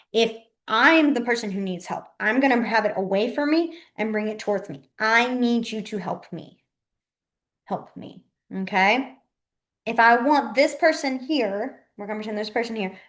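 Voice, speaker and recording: A woman's voice: fairly high pitch, normal speed, fairly bright tone. A young woman, teaching a sign language class in a chatty, informal way that often trails off while she demonstrates. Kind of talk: casual online class teaching.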